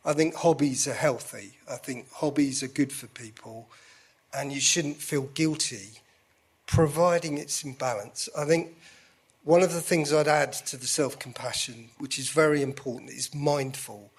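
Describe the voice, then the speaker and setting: A man's voice: mid-range voice, measured pace, husky. A man speaking as a guest in a candid conversation, self-deprecating and jokey.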